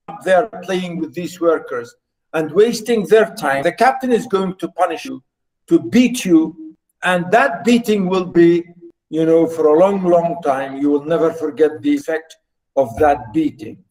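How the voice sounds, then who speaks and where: A man's voice: a little high, lively intonation, a little mellow, low-quality recording. A man teaching literature, explaining a play line by line and rephrasing his points often. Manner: repetitive, rephrasing, halting with fillers.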